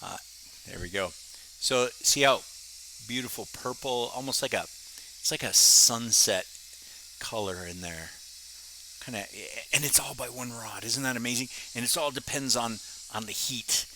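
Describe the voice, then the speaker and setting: An American glass artist talks casually while he works, folksy and easygoing, with a sharp, very bright tone. His pitch sits in the ordinary middle range for a man. A faint hiss runs behind him. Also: unhurried, long pauses, low-quality recording. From United States. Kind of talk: casual vlog talk while working. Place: home glass studio.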